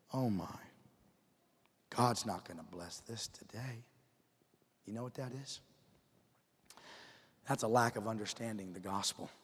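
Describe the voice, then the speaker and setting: A man preaching a sermon to his congregation in church, dropping to a hush and then rising to fired-up emphasis. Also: on the high side, gravelly, slightly rough. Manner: swings from hushed to fired-up emphasis. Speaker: pastor. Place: church sanctuary. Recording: long hall reverb.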